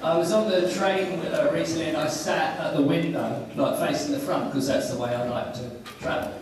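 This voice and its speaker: A man's voice: on the high side, steady tone, normal speed. A man telling rambling stand-up stories and bantering with a convention audience. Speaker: stand-up guest at a fan convention. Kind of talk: stand-up comedy storytelling. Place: large convention hall, from far off. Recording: echoey hall from far off, noisy.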